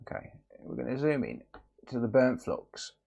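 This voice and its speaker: A man hosting a repair live stream, chatting and teasing his viewers while he works. His voice moves lively up and down and often drops to a quiet mutter. His pitch sits in the middle. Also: moderate pace, gravelly, husky. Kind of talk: casual live-stream chat.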